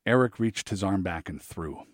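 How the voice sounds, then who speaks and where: A man narrating his memoir in a measured, reflective way. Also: low voice, expressive, dry recording, clean studio sound.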